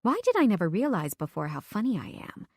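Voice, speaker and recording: A woman's voice: medium pitch, very animated, fast, slightly rough, no echo, studio quality. A young woman narrating a romance audiobook in the first person, emotive, lifting her voice for her own text messages.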